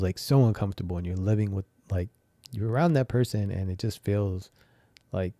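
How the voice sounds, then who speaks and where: A young man with a very dark, mellow voice pitched a bit low recounts a personal moment on a podcast. He talks candidly and rambles, with many fillers and restarts. The close mic gives a dry sound with no room. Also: dry recording. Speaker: podcast host. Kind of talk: personal reflective storytelling.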